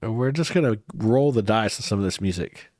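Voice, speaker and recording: A man's voice: lowish voice, lively intonation, normal speed, darkish tone, dry recording, clean studio sound. A man with a head cold, tired and congested, hosting a music reaction livestream and answering viewer comments in casual chat.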